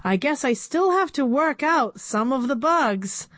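A woman's voice: lively intonation, unhurried, fairly bright tone, dry recording. A woman reading aloud, voicing a tearful female teacher and inventor who sobs dramatically. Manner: sobbing, high and dramatic.

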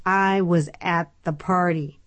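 A woman's voice: on the low side, steady tone, slow pace, fairly bright tone, no echo. A woman voicing a hurt, furious middle-aged mother who speaks in bitter, clipped lines.

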